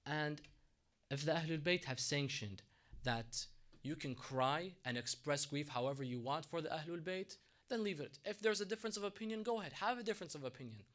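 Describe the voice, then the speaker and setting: A man giving an impassioned religious lecture in a mosque, swinging between soft reflective passages and loud bursts. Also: a little high, a little fast. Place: mosque hall.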